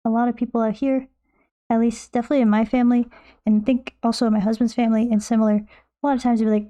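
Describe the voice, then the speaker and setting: A woman's voice: fairly high pitch, level tone, quick pace, dark tone. A young woman streaming, chatting casually and playfully with her chat as she draws, rambling and restarting her sentences.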